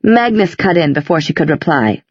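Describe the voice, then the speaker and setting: Woman reading a novel aloud, low n husky, kinda muffled dry recording. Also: lively intonation, moderate pace, no echo. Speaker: narrator. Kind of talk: audiobook reading.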